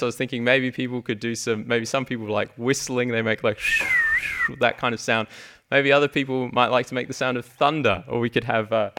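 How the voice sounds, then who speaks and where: A young man preaching a sermon in a church, halting, with many fillers and restarts. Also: medium pitch, bright, forceful tone. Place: church hall with congregation.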